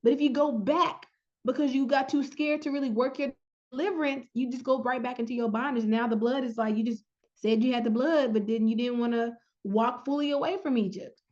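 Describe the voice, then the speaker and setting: A woman with a high voice leads a relaxed Bible study. She reads verses and acts out the dialogue in an animated way. The recording sounds dull and lo-fi. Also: fairly quick. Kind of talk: casual Bible study teaching.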